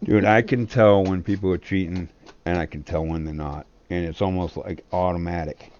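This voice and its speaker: A man's voice: low voice, fairly even intonation, moderate pace, darkish tone, muffled recording, slight background noise. A man chatting with teammates during an online game, swearing a lot and complaining about cheaters. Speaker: gamer on a co-stream. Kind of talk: casual game chat with teammates.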